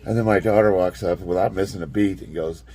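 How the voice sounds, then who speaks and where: A man's voice: low voice, steady tone, fast, mellow. A middle-aged man telling a story in a casual vlog, rambling, chuckling now and then, with lots of fillers. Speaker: vlogger.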